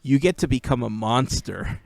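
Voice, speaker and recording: A man's voice: medium pitch, expressive, gravelly, darkish tone, no echo. A man hosting a podcast, chatting casually and telling stories with easy laughs. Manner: chatty, laughs easily, drawn-out storytelling. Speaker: podcast host. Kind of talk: casual chat.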